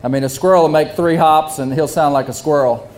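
A young man telling a hunting story, animated and often laughing while he talks. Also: fairly high pitch, fairly quick, slight background noise. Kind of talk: casual storytelling.

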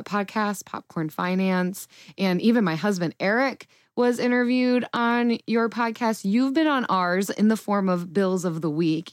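A woman's voice: on the low side, no room sound, studio quality. A woman hosting a podcast interview over a video call, chatty and enthusiastic in a casual conversation. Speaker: podcast host. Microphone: remote video call.

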